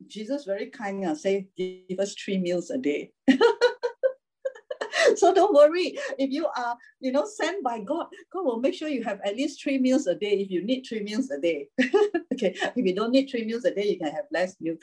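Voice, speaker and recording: A woman's voice: medium pitch, dark tone, poor audio. A woman preaching an informal sermon, chatty, laughing often and checking in with the listeners as she goes.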